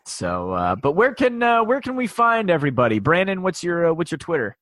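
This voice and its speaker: A man's voice: on the high side, very animated, a little fast, a bit bright, dry recording. A man in his forties hosting a casual sports podcast, rambling with many fillers and restarts. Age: 40s. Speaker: podcast host.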